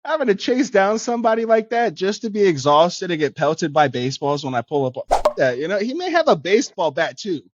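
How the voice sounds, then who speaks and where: A man's voice: high-pitched, very animated, a little fast, hardly any pauses, background noise. A man co-hosting a podcast, riffing and rambling in a joking, boastful way. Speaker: podcast co-host. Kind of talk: casual chat. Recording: dry, dull lo-fi sound.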